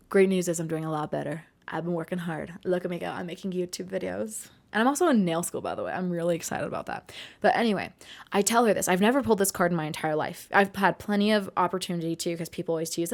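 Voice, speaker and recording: A woman's voice: fairly low pitch, fairly quick, creaky. A young woman in her twenties telling a personal story in a casual vlog, chatty and rambling, with asides and self-corrections. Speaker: vlogger.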